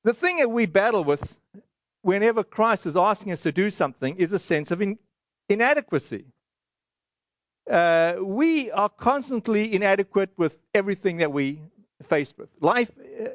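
A man's voice: high-pitched, animated, moderate pace, no echo, dull audio. A man preaching a sermon as pastor, earnest and conversational, often restarting and acting out little quoted asides.

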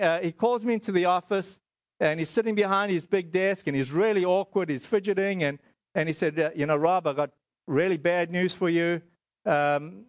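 A man's voice: high-pitched, dry recording, lo-fi sound. A middle-aged man from South Africa giving a spoken testimony sermon, telling his story with many fillers and acted-out dialogue. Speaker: speaker.

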